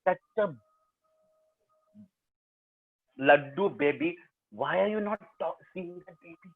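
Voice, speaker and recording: A fussing nurse coos over a newborn, as a male storyteller puts her on. The voice sits high and a bit husky. Sound comes through thin, phone-like webinar audio. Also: fairly even intonation, rapid-fire, natural voice. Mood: cooing. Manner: cooing over a baby. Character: fussing hospital nurse, woman, doting. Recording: tinny webinar call audio.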